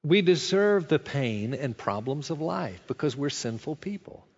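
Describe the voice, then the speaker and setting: A man's voice: on the high side, sing-song, measured pace, a little mellow, husky. Earnest male preacher in a reverberant hall. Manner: earnest, conversational preaching with rhetorical questions. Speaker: pastor. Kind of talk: sermon. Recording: dull sound with long hall reverb.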